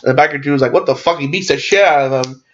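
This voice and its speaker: A man's voice: fairly high pitch, very fast, a bit bright. A man recapping a movie in a casual, rambling way, full of fillers and restarts. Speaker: movie reviewer. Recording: dull lo-fi sound.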